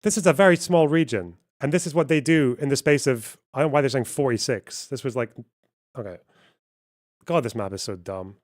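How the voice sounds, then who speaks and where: On a dry, studio-quality recording, a young streamer from Aberdeen, Scotland, makes his case with rhetorical questions. His mid-range voice is brisk, and the livestream talk stays casual.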